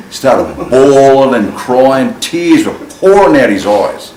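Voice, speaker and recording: A man telling a personal story in an animated way, acting out the voices in it. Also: mid-range voice, unhurried, hardly any pauses. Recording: echoey room with clear ambient noise.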